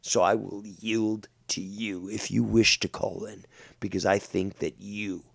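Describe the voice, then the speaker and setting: Man, talk-show host, gravelly voice, profane rants, shouts then mutters. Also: flat delivery, measured pace. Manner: loud, profane, swinging between shouting and low muttering. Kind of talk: heated livestream talk show.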